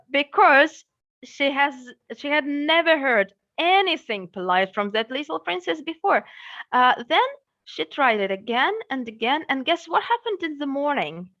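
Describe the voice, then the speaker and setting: Slow expressive Russian-accented woman storyteller. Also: sits high, poor audio. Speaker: English teacher telling a story.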